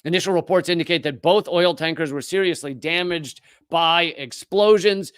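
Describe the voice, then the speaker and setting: A man's voice: a little high, moderate pace, a bit bright, clear, resonant tone, no echo, studio quality. A man hosting a live political commentary show, speaking indignantly with sarcastic asides.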